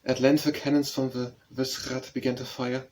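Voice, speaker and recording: A man reading a narrative poem aloud as an audiobook narrator, in a measured, solemn recitation. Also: mid-range voice, little pitch movement, darkish tone, a little hiss or hum, rough recording.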